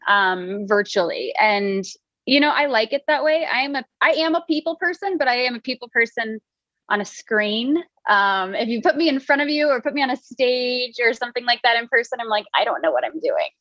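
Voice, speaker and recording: A woman's voice: a little high, lively intonation, moderate pace, fairly bright tone, no echo, lo-fi sound. A woman in her thirties, a wellness coach, chatting in an interview, laughing often and using lots of fillers. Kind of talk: casual interview chat.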